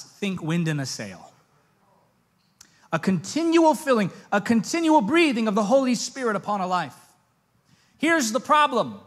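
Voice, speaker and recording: A young man with a high voice delivers a sermon. He drops to a gentle, near-hushed tone for personal stories, then climbs into loud, impassioned preaching. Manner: moves from soft, hushed storytelling to loud, pitched-up preaching.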